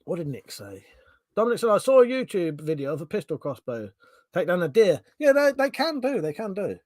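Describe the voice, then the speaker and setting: A British man rambles through a casual livestream, reading out his chat and swearing freely as he jokes with viewers. His voice sits a touch high for a man, and the sound is close and dry with almost no room around it. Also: sing-song, fairly quick, no echo. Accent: British English. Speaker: livestream host.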